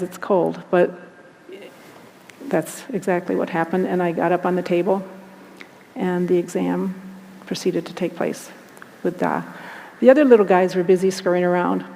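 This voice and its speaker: A woman earnestly recounting personal experiences, speaking in a halting, reflective way. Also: on the low side, creaky, warm tone. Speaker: guest recounting abduction experiences. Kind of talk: personal storytelling. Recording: long hall reverb.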